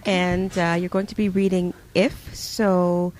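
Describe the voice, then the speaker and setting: A woman's voice: fairly low pitch, flat delivery, slow pace, a little mellow. A woman hosting a radio show, upbeat and a bit stumbling as she moves guests along. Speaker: radio host. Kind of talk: radio interview. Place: radio studio.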